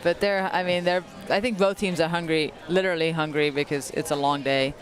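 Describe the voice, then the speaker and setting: A woman's voice: deep voice, fairly even intonation, fairly quick. A woman who plays the sport giving chatty, analytical color commentary at an outdoor venue, laughing easily. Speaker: color commentator and pro player. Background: crowd.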